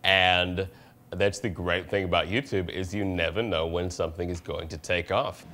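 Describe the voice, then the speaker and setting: A man in his twenties with a very deep voice, chatting casually as an interview guest and laughing often. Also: fairly even intonation, normal speed, pushed and bright, a little hiss or hum. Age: 20s. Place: bakery shop.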